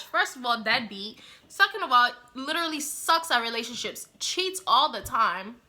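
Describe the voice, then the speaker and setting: A woman's voice: on the high side, animated, moderate pace, hardly any pauses, pushed and bright. A young woman vlogger giving blunt, sassy commentary to her viewers, full of slang and "like" and "you know". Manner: sassy, blunt and exaggerated, addresses viewers as y'all. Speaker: vlogger reviewing a TV show. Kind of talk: casual opinionated commentary to camera.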